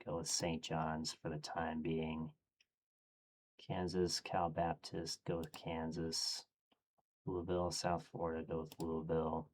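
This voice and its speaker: A man streaming, thinking aloud in a casual, low-key way as he murmurs his choices one after another. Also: completely flat delivery, a little slow, a little mellow.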